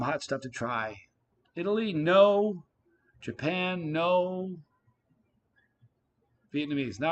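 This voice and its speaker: Chatty man hosting a live stream. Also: on the high side. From Canada. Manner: chatty, reads viewer comments aloud, swings loud and quiet. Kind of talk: casual live stream chat.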